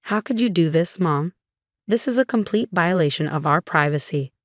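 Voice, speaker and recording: A protective young husband with a cold, firm way of speaking, as a woman narrator puts him on. The voice is low and the sound dry. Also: animated, normal speed, no room sound, lightly acted. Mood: upset. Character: young husband, protective, angry at his mother.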